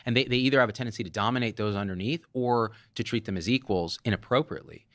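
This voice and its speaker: A man in his forties talking as a podcast guest, excitable and animated, ranting with profanity and big swings in his voice. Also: fast talker, dry recording. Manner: excitable, swings pitch widely, profane rants. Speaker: guest physician.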